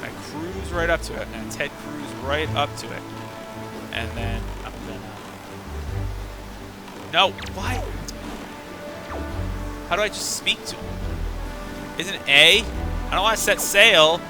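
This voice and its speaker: A man's voice: fairly high pitch, measured pace, pauses often, music in the background. A young man streaming a game, casually talking through his play with chatty, muttered asides. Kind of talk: casual live gameplay commentary.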